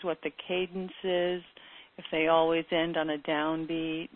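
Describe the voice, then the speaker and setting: A woman giving a conversational daily listening lesson, addressing her audience as their teacher. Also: lowish voice. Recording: tinny phone-like sound.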